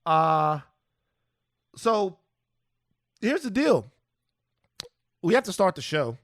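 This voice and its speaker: Lively male podcast co-host. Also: high-pitched, extremely slow, no echo, clean studio sound. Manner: animated, talkative, playful. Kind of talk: casual podcast chat.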